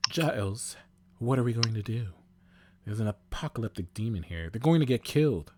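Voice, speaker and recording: A man's voice: lowish voice, expressive, moderate pace, heavy background noise, voice pushed up, natural voice. A man voicing a brash young vampire slayer girl who whines and pouts. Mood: whiny. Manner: whiny, pouty.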